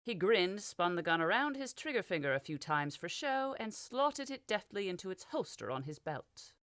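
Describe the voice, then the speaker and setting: Expressive woman narrating an audiobook. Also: mid-range voice, moderate pace, dry recording, studio quality. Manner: expressive storytelling.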